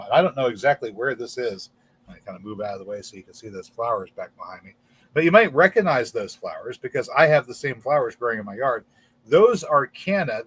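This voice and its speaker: A man's voice: medium pitch, a bit bright, slightly rough, no room sound. A man hosting a casual livestream in front of a green screen, rambling and stumbling over repeated words. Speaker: channel host.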